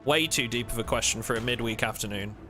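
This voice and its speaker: A man's voice: mid-range voice, quick pace, over music. A man chatting casually and jokily with viewers while playing a game on a livestream. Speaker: streamer.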